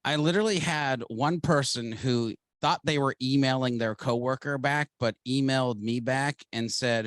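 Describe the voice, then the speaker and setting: A man's voice: medium pitch, moderate pace, hardly any pauses, a bit bright, dry recording. Upbeat, emphatic man, dry close sound. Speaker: guest, marketer. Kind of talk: conversational interview.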